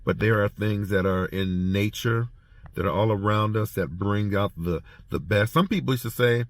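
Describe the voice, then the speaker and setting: Halting, storytelling man, dry sound. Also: on the low side, no room sound. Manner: halting, repeats words while storytelling. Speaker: former prison officer. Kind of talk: casual spoken reflection. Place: heading home after treatment.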